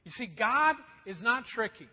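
A male pastor preaches in a relaxed, conversational way and keeps asking the congregation questions. His voice is high and a little husky. The recording is dull and lo-fi, with a long reverb from the church hall. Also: measured pace. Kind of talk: sermon.

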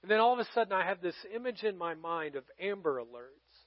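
Man, pastor, high voice, conversational sermon, dramatic dynamics, dry slightly muffled recording. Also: expressive, quick pace, no echo. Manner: conversational, dramatic swings from loud to hushed. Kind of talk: storytelling sermon.

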